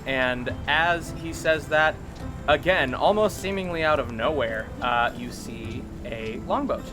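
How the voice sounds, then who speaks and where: Man game master, casual, mid-pitched, laughs often; music bed underneath. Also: unhurried. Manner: casual, laughing, voices his characters. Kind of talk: narrating a tabletop game.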